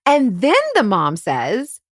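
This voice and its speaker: A woman's voice: mid-range voice, very animated, slow pace, no room sound, clean studio sound. A woman podcast host and private investigator telling a case story in a chatty way, full of "like" and "right?". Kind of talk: casual storytelling chat.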